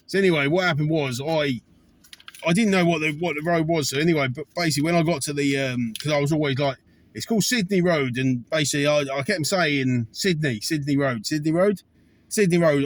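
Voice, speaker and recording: A man's voice: fairly high pitch, no echo. A man, a taxi driver telling rambling stories about his fares, full of fillers and restarts. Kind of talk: casual storytelling to camera.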